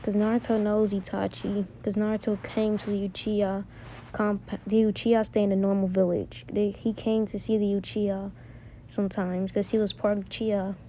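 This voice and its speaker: A woman telling an improvised fan story, rambling and restarting her sentences often. Her voice is dark and mellow with a flat, even pitch. A faint noise hum runs beneath the recording. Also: normal speed.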